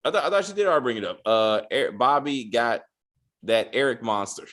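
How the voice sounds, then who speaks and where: A man co-hosting a casual TV review podcast, swearing freely and acting out characters' lines in quick exasperated bits. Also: medium pitch, lively intonation, a bit bright. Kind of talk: casual spoiler review chat.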